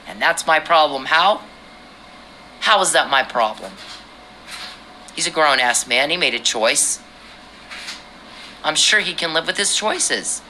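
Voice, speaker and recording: A woman's voice: very deep voice, sharp tone, a little hiss or hum, poor audio. A woman hosting her own podcast, talking straight at a man she accuses, confrontational and swearing. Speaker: podcast host. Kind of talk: angry personal monologue.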